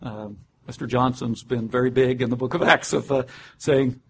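A man leading a conversational Bible study. He explains step by step, spells words out letter by letter, and often pauses with "uh" and restarts. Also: medium pitch, fairly even intonation, fairly bright tone, slightly rough. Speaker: Bible teacher.

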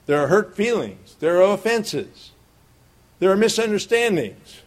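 A man's voice: high voice, sing-song, measured pace. A middle-aged man preaching a sermon, telling a homespun childhood story in a folksy way and chuckling often.

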